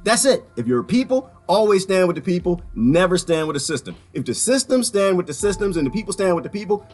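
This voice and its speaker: Male vlogger, somewhat high voice, loose and jokey, faint background music. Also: very animated, fast talker, few pauses, a little mellow. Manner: rambling, jokey, laughs often, repeats phrases. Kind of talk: casual monologue.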